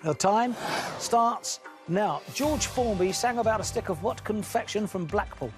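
A man hosting a quiz show, brisk, upbeat and teasing. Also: high-pitched, expressive, faint music behind.

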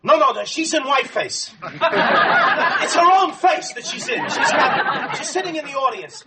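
A man's voice: very high voice, expressive, a little slow, over a noisy crowd. An actor playing a frantic young husband whose wife is in labor, stammering and tripping over his words. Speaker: expectant husband. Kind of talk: sitcom acting. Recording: studio audience laughter, noisy broadcast. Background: audience laughing.

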